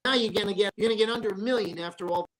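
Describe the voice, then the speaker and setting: With a crowd audible in the background and poor audio, a high-pitched man talks rapid-fire. He's a sports broadcaster and ex-restaurateur guesting on a talk show, chatting casually, rambling through anecdotes and frequently restarting sentences.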